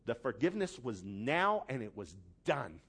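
A middle-aged man preaching a sermon as pastor, passionate, dropping to hushed tones and rising to loud emphatic lines. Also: medium pitch, very animated, normal speed, creaky, slightly rough.

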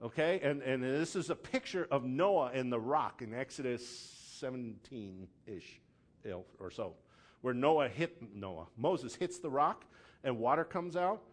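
A pastor preaching a sermon, casual asides and checking in with the congregation, building to loud emphatic peaks. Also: male voice, medium pitch, animated, measured pace. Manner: conversational asides, checks in with "okay?".

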